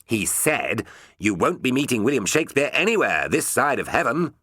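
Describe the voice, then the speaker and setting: A man's voice: medium pitch, big pitch swings, moderate pace, sharp tone, slightly rough, no room sound, studio quality, voice pushed up, heavily acted. Brief: flamboyant self-admiring actor, voiced by a man, florid and theatrical. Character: vain theatrical male actor narrator, flamboyant.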